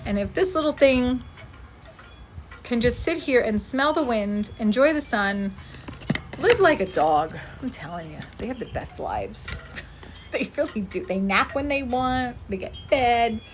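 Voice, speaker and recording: A woman's voice: a little high, expressive, measured pace, soft background music. Earnest woman chatting on a livestream. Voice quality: earnest, motivational, thanks viewers by name. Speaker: spirit medium on a livestream. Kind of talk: casual livestream chat. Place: outdoors.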